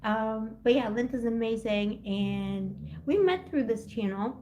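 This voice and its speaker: A woman's voice: fairly high pitch, a little slow, dark tone. A woman hosting a live tarot stream, chatting casually and rambling from topic to topic with lots of "like" and "you know," often laughing. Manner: rambling and giggly, jumps between topics; heavy use of "like" and "you know". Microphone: built-in device mic, no separate mic.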